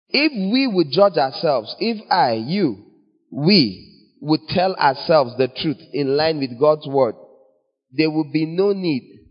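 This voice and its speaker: A man preaching a sermon in an animated way, acting out little scenes in other voices. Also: fairly high pitch. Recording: dull long reverb of a large hall.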